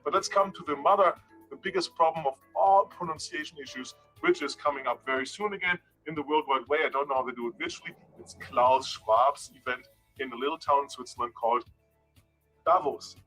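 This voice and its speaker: Man, analyst, lively and teasing, bright forceful voice, slightly high, faint music. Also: brisk, low-quality recording. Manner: animated, teasing, repeats words to correct pronunciation. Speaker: industry analyst presenting a segment. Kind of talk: playful explanatory monologue.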